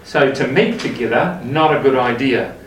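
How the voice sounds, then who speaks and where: A man's voice: mid-range voice, moderate pace, a little hiss or hum. A man leading a group Bible study, talking casually and asking the group questions. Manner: conversational, asks the group questions. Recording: roomy, mic at a distance.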